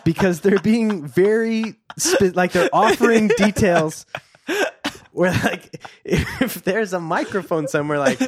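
A man's voice: high-pitched, measured pace, dry recording. A man co-hosting a casual book-discussion chat, reading passages aloud and riffing on them with wry jokes. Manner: wry, reads passages aloud and riffs jokingly. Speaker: podcast co-host.

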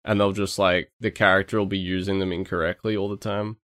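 A man's voice: deep voice, flat delivery, brisk, fairly bright tone, no echo, clean studio sound. A man co-hosting a podcast, chatting casually and complaining bluntly, swearing now and then. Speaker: podcast co-host.

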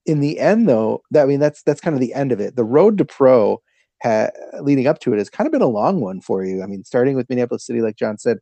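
A man hosting a podcast, asking questions in a relaxed, chatty way. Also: mid-range voice, fast, no echo. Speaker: podcast host. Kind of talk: casual podcast chat.

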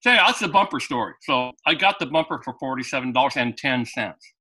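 A man who is a guest in an interview, telling an animated anecdote and often restarting his sentences. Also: mid-range voice, fast talker, husky, poor audio. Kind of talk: storytelling in conversation.

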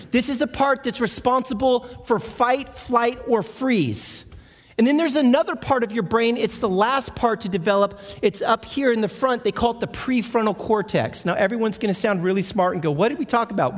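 A man giving a guest sermon in church, talking conversationally and asking the congregation questions. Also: extremely high pitch. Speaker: guest speaker. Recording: long hall reverb.

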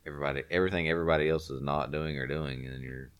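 A man with an extremely deep, smooth, resonant voice talks in a loose, rambling way, often circling back to restart a thought. He sounds congested. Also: steady tone, rapid-fire. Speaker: podcast co-host. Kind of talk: casual chat.

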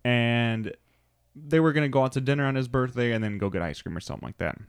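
A man in his thirties co-hosting a podcast, telling a relaxed story in casual chat. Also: medium pitch, quick pace, clear, resonant tone, no echo, clean studio sound. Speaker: podcast co-host.

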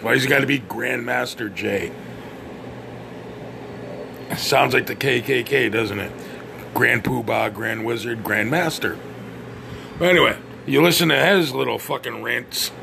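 Gravelly, profane man ranting. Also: medium pitch, a little slow, long pauses, noisy background. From United States. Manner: profane, blunt, stammers and restarts. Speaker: podcast host. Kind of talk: opinionated podcast rant.

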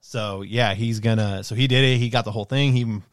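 A man's voice: on the low side, fairly even intonation, quick pace, clean tone, dry recording, studio quality. Slangy, rambling man. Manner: rambling storyteller, slangy, laughs often. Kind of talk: casual chat.

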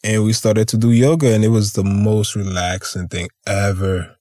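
A man's voice: on the low side, fairly even intonation, moderate pace, warm tone, no echo, studio quality. A man hosting a podcast, telling stories in a loose, rambling way, swearing freely and laughing often. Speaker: podcast host. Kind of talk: casual storytelling chat.

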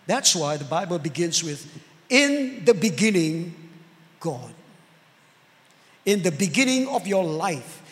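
A man's voice: high-pitched, a bit bright. A man preaching a sermon as pastor, earnest, drawing out key words and calling for amens. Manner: earnest preaching with drawn-out emphatic words and calls of amen. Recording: long hall reverb.

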